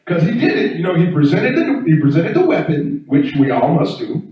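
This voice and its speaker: A man performing a stand-up comedy set, telling stories in an animated way. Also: moderate pace. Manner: animated storytelling, swinging up and down in pitch. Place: event hall on campus. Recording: echoey room, distant mic.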